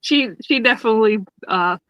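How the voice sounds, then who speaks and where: A woman's voice: on the high side, lively intonation, brisk, fairly bright tone, no echo, highs cut off. A woman co-hosting a podcast, retelling sitcom scenes in casual chat, laughing often and acting out the characters' lines. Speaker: podcast co-host.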